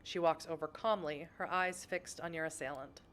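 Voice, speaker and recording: A woman's voice: deep voice, fairly even intonation, moderate pace, fairly bright tone, slight background noise. A young woman streaming a narrative game, reading its text aloud and chatting with her viewers between passages.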